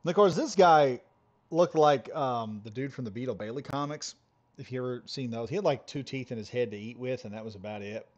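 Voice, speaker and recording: A man's voice: medium pitch, fairly quick. Laughing streamer man with lo-fi sound. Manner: animated, laughing, restarting sentences. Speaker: gaming streamer. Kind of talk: casual storytelling on a live stream.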